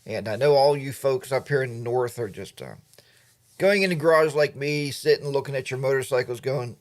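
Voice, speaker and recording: Talking fairly quickly in a lively, mid-range voice, a middle-aged man from Pennsylvania hosts a relaxed live chat. He's playful and talkative, calling out viewers by name.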